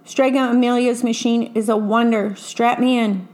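A woman's voice: fairly high pitch, steady tone, normal speed, darkish tone, close to an everyday voice. A woman doing a groaning town mayor. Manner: groaning, pleading. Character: suffering male town mayor with headache.

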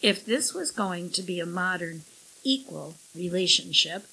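A woman reads a story aloud at an unhurried pace, with a wry, measured delivery. Her voice sits a little low but sounds bright, with a breathy edge. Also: animated, rough recording. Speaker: narrator. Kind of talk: audiobook narration.

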